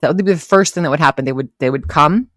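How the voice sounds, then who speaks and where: A woman's voice: sits low, fast, no room sound, clean studio sound. A woman hosting a casual live stream, chatting and rambling as she reads posts aloud and greets viewers in the chat. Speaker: livestream host reacting to commentary.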